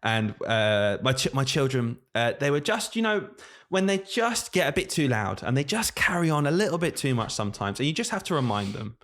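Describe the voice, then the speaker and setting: A young man in his twenties talks quickly as a podcast co-host, a teacher swapping classroom stories. His pitch sits in the middle of the male range. He acts out what children and colleagues said, with lively quoted voices. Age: 20s. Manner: animated storytelling, acts out quotes. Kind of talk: casual chat.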